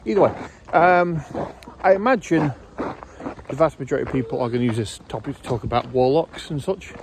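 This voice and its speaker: Male vlogger, medium voice, hesitant and self-correcting, chatting casually outdoors with soft background ambience. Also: mid-range voice, brisk, background noise. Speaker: YouTube host. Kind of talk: casual rambling commentary.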